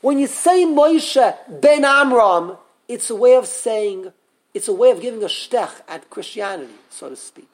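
A man with a very high-pitched voice, speaking a little slowly, leads a live Torah class. Animated throughout, he poses lots of questions to students and often begins sentences over.

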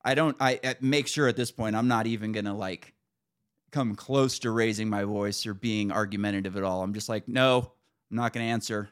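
A man hosting a podcast, casually telling an exasperated, animated story with some swearing. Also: lowish voice, brisk, clean tone. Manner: animated, exasperated retelling with profanity. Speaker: podcast host.

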